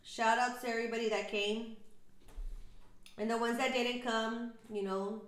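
A woman's voice: a little high, fairly even intonation, measured pace, reverberant. A woman co-hosting a podcast, telling stories in casual, slangy chat full of ums. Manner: chatty storyteller, slangy, frequent ums. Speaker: podcast co-host.

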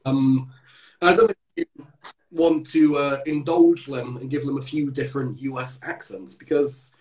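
A man's voice: mid-range voice, sing-song, moderate pace, darkish tone, slight background noise, poor audio. A man hosting a podcast, chatting casually and asking his guest questions. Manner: chatty, asks interview questions. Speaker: podcast host.

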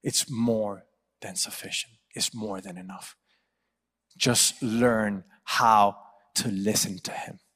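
A man's voice: fairly low pitch, steady tone, slow pace, fairly bright tone, in a large hall. A man preaching a sermon as a pastor, telling a story and acting out the people in it. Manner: storytelling, acting out quoted voices. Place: church.

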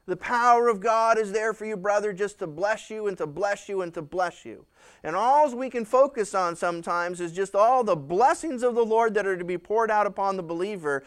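A man's voice: high-pitched, smooth. A male pastor teaching through a Bible passage in a conversational, emphatic way, acting out the quoted voices.

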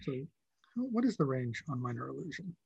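A man's voice: mid-range voice, sing-song, brisk, gravelly, darkish tone, breathy edge, no echo, lo-fi sound. A man playing a tabletop game, talking hesitantly and restarting often. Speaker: player. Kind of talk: casual tabletop game play.

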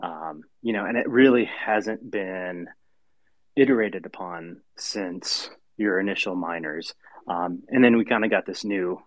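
A man with a very deep voice talks hesitantly, with plenty of fillers, in a live audio chat. The sound is dull and muffled. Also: a little slow, dry recording. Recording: dull dry remote audio.

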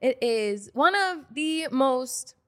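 A woman's voice: sits high, lively intonation, takes it slowly. Bubbly young woman hosting a chat show. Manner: bubbly, gushing, chatty with many likes. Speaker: podcast host. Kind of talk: casual chat.

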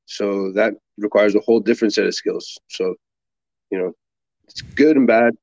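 A man's voice: on the low side, fairly even intonation, normal speed, creaky, a little mellow, no echo. A man co-hosting a casual podcast, speaking bluntly and dismissively with frequent swearing. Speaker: podcast co-host. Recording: dull, muffled lo-fi line.

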